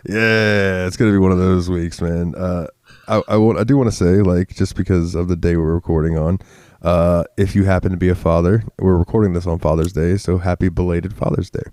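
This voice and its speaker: A man's voice: sits low, fairly even intonation, fairly quick, a little mellow, dry recording, clean studio sound. A sick man from Florida, co-hosting a podcast in casual chat, rambling, swearing freely and getting worked up when he rants. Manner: profane, rambling, gets worked up ranting. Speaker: podcast co-host.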